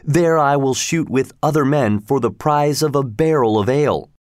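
A man's voice: mid-range voice, moderate pace, no echo, studio quality, close to an everyday voice. A man voicing a bold, boastful young male archer in a storybook reading, proud and challenging. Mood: plain.

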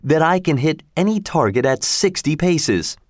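A man's voice: fairly high pitch, big pitch swings, moderate pace, no room sound, studio quality, voice pushed up. A man voicing a bold, boastful young male archer in a storybook reading, proud and challenging.

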